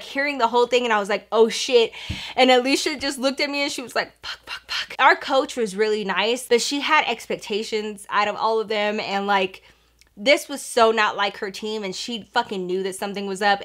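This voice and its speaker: A woman vlogger telling a casual story in an animated, chatty, profane way. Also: on the high side.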